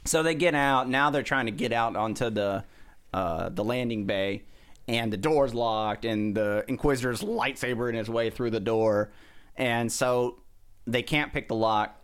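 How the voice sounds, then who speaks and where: A man's voice: medium pitch, unhurried, clear, resonant tone. A man hosting a fan after-show, casually recapping an episode and acting out lines with a laugh. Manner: animated retelling, acts out quoted lines with a laugh.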